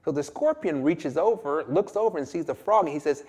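A man preaching a sermon, emphatic and drawn-out, telling a fable to make his point. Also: a little high, animated, darkish tone. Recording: long hall reverb.

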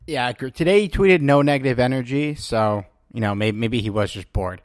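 A man's voice: medium pitch, moderate pace, no room sound, studio quality. A man hosting a casual sports podcast, chatting loosely and reading posts aloud to his co-host. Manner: relaxed, reads tweets aloud to his co-host.

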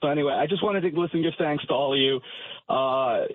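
A man's voice: fairly high pitch, dry recording. New man calling in over phone. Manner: halting, rambling, with fillers. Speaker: radio show caller. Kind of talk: phone-in call. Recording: tinny phone line.

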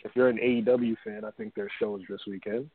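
A man co-hosting a casual chat, making quick joking interjections. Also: fairly low pitch, fairly even intonation, breathy edge, dry recording. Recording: dry, phone-like audio.

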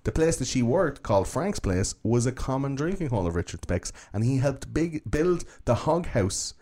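A man's voice: mid-range voice, big pitch swings, moderate pace, mellow. A man hosting a podcast, telling a true-crime story in a casual, profane, joking way. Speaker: podcast host.

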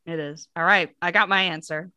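Bright, chatty American woman co-host. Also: lowish voice, fairly quick, clear, resonant tone, no room sound. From United States. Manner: chatty, reads lists out with lively rises. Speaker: podcast co-host. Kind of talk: casual chat.

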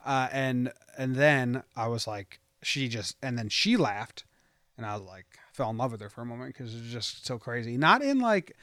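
At a medium pitch and normal speed, an animated, fairly bright male voice co-hosts a podcast, rambling casually about a TV show and laughing a lot. It's a dry, clean studio recording.

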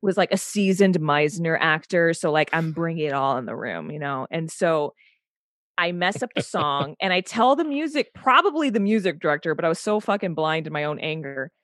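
A woman guest telling a story in a casual, animated way, acting out the voices she quotes and swearing now and then. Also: deep voice, moderate pace, no room sound, studio quality. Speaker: podcast guest.

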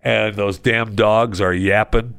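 A man filling in as a talk radio host, telling stories in an animated way and chuckling often. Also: on the low side, takes it slowly, creaky, no room sound.

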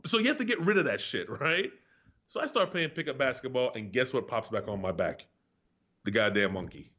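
On a slightly dull lo-fi recording, a retired pro athlete in his forties shares stories as a guest, laughing and swearing casually. His voice is mid-range and sing-song with a sharp tone, and he speaks a little fast.

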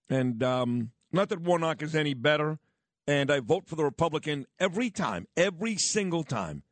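A man's voice: on the high side, dry recording. A man hosting talk radio, chatting in a rambling way with offhand asides. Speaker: radio host.

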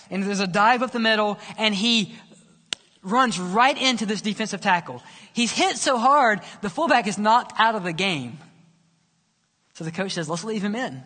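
High-voiced, bright-toned preacher in a reverberant church. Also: male voice. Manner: dramatic storyteller, drops soft and low for quoted lines. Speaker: pastor. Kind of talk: sermon storytelling. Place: church sanctuary.

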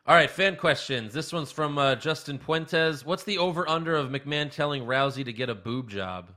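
Laid-back bright-voiced male co-host. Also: a little high, normal speed. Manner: laid-back, short agreeing replies, drops voice at ends. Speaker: podcast co-host. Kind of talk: casual chat.

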